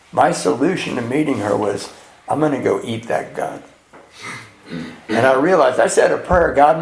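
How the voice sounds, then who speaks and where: A man with a gravelly, mid-pitched voice tells his recovery story to a live audience. He acts out the back-and-forth of conversations and laughs at himself. The room gives his voice a roomy echo. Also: slight background noise. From California. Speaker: retreat speaker sharing his recovery story. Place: retreat meeting room.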